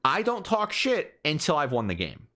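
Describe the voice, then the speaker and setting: A man co-hosting a podcast, talking casually in an animated, profane and boastful rant. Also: on the high side, normal speed. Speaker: podcast co-host. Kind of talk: casual chat.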